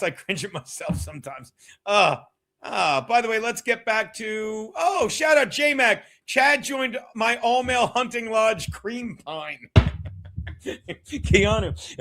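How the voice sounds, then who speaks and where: A man hosting a casual livestream, rambling, laughing and losing his train of thought as he gives shout-outs to the chat. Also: high-pitched. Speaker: comedian hosting a livestream show.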